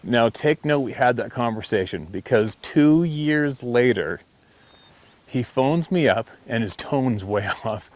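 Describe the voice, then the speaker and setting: A man's voice: medium pitch, animated, normal speed, hardly any pauses, dry recording. A man hosting a hunting channel, telling a story in a blunt, emphatic, rambling way. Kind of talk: casual storytelling to camera.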